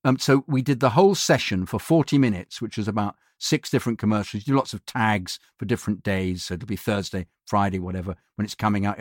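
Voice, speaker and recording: A middle-aged man who does voiceovers, telling studio anecdotes in a casual, halting way, full of fillers and restarts, and often acting out other people's voices. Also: on the low side, expressive, no echo. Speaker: voiceover artist.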